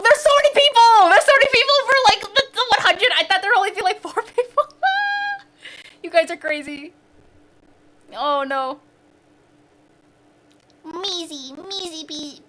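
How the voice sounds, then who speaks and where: A woman's voice: sits high, fairly bright tone. A woman from the central United States chatting casually on a live stream, bubbly and giggly, with sudden squeals.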